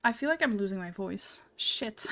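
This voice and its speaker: A woman's voice: mid-range voice, animated, moderate pace, sharp tone. A young woman streamer giving casual, giggly, chatty commentary while playing a game. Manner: giggly, chatty, self-deprecating.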